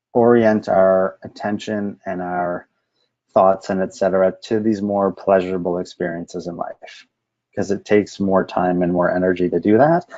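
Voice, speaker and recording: A man presenting a webinar in a gentle, conversational way, with frequent ums and restarts. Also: low-pitched. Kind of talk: informal teaching talk. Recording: dull lo-fi webinar audio.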